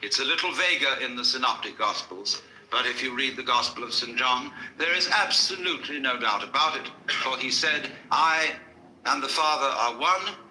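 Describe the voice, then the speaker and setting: Man giving a talk to an audience, dry witty asides, very bright tone, roomy hall sound. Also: mid-range voice, moderate pace, slight background noise. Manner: wry, storytelling, with dry asides. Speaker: lecturer. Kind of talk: public lecture to a live audience.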